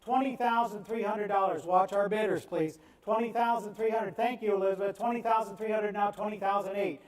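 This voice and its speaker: A high-voiced man calls a live charity auction at a Gulf coast event venue, using a rapid, rhythmic bid chant and cajoling bidders. His intonation is fairly even, a crowd can be heard behind him, and the voice comes from off-mic in an echoey room.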